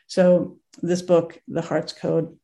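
A group teacher reading a moving story aloud in a gentle way, with pauses and restarts. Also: mid-range voice, little pitch movement, gravelly.

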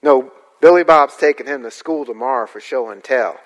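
A man doing a drawling rural backwoods host, hearty and loud, echoing hall sound. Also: mid-range voice, moderate pace, noisy background, natural voice. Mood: folksy. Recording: long hall reverb.

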